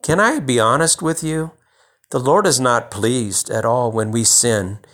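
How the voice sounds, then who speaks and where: A man's voice: medium pitch, unhurried, fairly bright tone. A man preaching a sermon in a conversational way, restarting phrases and building to emphatic bursts.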